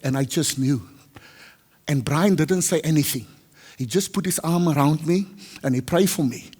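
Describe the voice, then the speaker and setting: South African preacher in a reverberant hall. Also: male voice, fairly high pitch, moderate pace, breathy edge. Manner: switches between Afrikaans and English, acts out dialogue loudly. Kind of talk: sermon storytelling.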